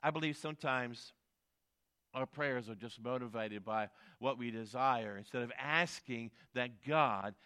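A pastor preaching a sermon, building emphatic swells and dropping low at the end of phrases. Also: male voice, unhurried, sharp tone, clean tone.

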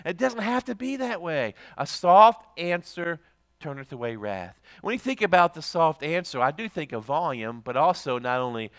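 A male pastor preaching a sermon, swinging from loud rises to soft drops and reading scripture slowly and emphatically. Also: fairly high pitch, big pitch swings.

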